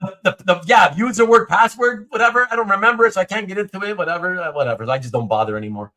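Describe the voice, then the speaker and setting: A man hosting a casual livestream chat, reading viewer comments aloud, with animated speech and stumbling restarts. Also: high-pitched, very fast. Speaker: host.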